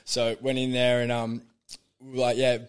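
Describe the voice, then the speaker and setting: A man's voice: mid-range voice, completely flat delivery, measured pace, clear, resonant tone. Sweary laughing Australian young man. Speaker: guest, former pro footballer. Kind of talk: casual chat.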